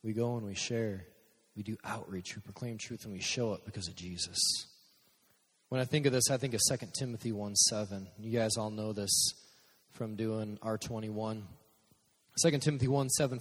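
Husky-voiced man preaching to a youth group. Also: fairly low pitch, moderate pace. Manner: conversational preaching, direct to listeners. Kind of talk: sermon. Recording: long hall reverb.

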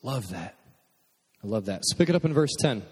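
A young man from Michigan preaches to his congregation, chatting and cracking jokes as he goes. His voice sits at an ordinary male pitch and carries a long reverberant tail from the hall around him. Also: big pitch swings, brisk, slightly rough. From Michigan, USA. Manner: conversational, jokey asides to the congregation. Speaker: pastor. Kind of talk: sermon.

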